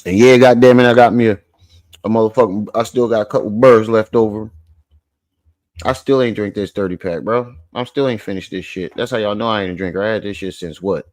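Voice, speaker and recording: A man hosting a casual livestream, loud, profane and teasing as he jokes with the chat. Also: on the low side, a little fast. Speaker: livestream host.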